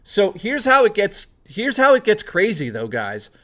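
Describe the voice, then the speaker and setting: A man streaming from home, telling a long anecdote to his chat in a casual, profane, lively way. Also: sits high, a little slow.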